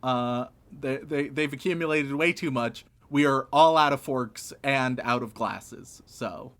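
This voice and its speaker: A man's voice: medium pitch, a little slow, a bit bright. A man co-hosting a casual comedy podcast, wry and profane as he hands out jokey tasks. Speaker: podcast co-host.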